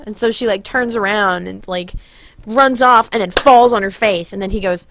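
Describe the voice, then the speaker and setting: A woman telling a long story casually on her vlog, rambling and acting out quotes, speaking into a close handheld mic. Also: moderate pace. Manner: rambling, animated, acts out quotes in high voices. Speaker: vlogger. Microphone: handheld corded mic held close.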